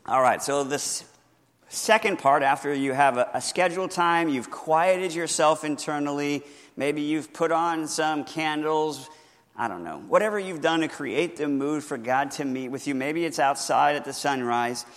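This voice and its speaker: A man teaching how to read the Bible devotionally, earnest and encouraging, often slowing down to stress key words. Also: on the high side, fairly bright tone, big-room sound. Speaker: pastor teaching Bible reading. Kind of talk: teaching talk from a handout.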